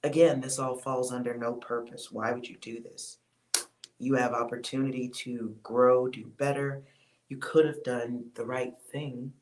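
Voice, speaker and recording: Laid-back tarot reader talking to viewers, blunt, swears a bit, mid pitch, drifts into quiet sighing asides. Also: level tone, measured pace. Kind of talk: casual tarot reading to viewers.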